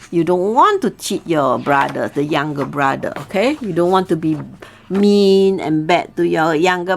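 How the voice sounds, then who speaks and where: A woman teaching, closing a story lesson with a gentle moral. She checks in with "okay?" after almost every phrase and hesitates with fillers. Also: on the low side, vocal fry. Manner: repeats "okay?" to check understanding. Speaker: Chinese teacher.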